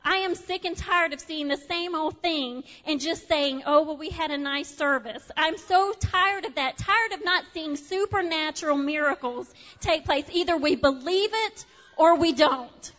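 High-voiced woman preaching in a reverberant hall. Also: measured pace, lo-fi sound. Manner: earnest and heartfelt, sliding from loud to soft and hushed. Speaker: pastor. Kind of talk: sermon. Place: church sanctuary.

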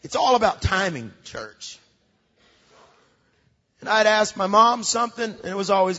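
A pastor preaching a sermon, moving from quiet storytelling to emphatic shouts. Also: male voice, sits high, normal speed. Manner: emphatic preaching that swings from soft asides to shouts. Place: large church hall. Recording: dull lo-fi recording with long hall reverb.

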